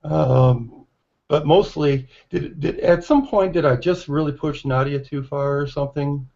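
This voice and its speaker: A man who is losing his voice, talking in a halting way with many fillers and restarts in a casual online group discussion. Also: a little high, vocal fry, dark tone. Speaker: regular hangout participant. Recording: dull lo-fi call audio.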